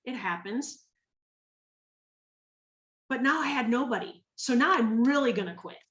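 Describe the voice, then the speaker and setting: Woman, from Minnesota, lively storyteller, echoey room, far from mic. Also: on the high side, measured pace, dull audio. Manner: lively storyteller acting out quoted voices. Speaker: guest speaker on a training call. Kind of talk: storytelling to an online group.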